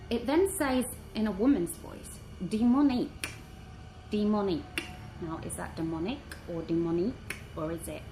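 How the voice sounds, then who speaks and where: A woman hosting a paranormal vlog, narrating her investigation recordings in an earnest, suspense-building way. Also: on the low side. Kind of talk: voice-over narration reviewing recordings. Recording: roomy with steady background hum.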